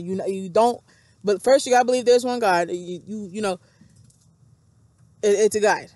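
A woman's voice: mid-range voice, moderate pace, long pauses, darkish tone, dry recording. Woman vlogger, casual rambling monologue that drifts into reading aloud, repetitive and self-reflective.

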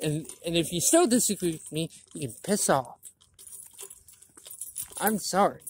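A woman's voice: lowish voice, animated, a little slow, darkish tone, breathy edge. A woman vlogger delivering a blunt, profane political rant, indignant and preachy, with many restarts.

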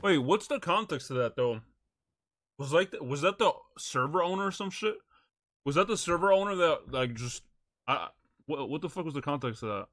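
A male streamer casually reacting to clips and thanking viewers, excitable and cussing. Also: on the high side, normal speed.

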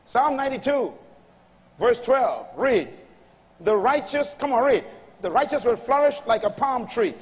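A man's voice: very high-pitched, lively intonation, unhurried, in a large hall. A man preaching a sermon in an emphatic call-and-response manner, reading scripture aloud and urging the congregation to respond. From Bahamas. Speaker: pastor.

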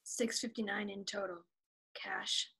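A woman acting student delivering a line in a quiet, husky near-whisper during an acting exercise. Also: medium pitch, flat delivery, measured pace.

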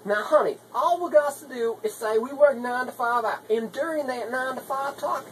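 A woman's voice: high-pitched, normal speed, slight background noise, lightly acted, poor audio. A woman playing a drawling scheming country wife. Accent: put-on rural Southern US hick. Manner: rambling, folksy, drawling, calls everyone honey. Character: scheming country wife pitching web-marketing tricks. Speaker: comedy video maker. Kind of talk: comedy sketch monologue.

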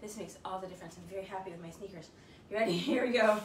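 A woman fitness instructor leading a home workout, counting reps out loud and cheering her class on. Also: medium pitch, very fast, distant mic, a little hiss or hum. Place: her home, echoey room. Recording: echoey room, mic from afar.

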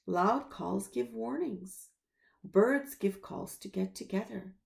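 Slow, lively storybook-reading woman. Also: medium pitch, creaky. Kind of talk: children's story read-aloud.

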